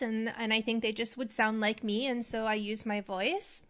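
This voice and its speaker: A woman hosting an acting advice show, talking in a chatty, animated way. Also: a little high, moderate pace, clean tone. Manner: chatty, animated, demonstrates voices. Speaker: podcast host.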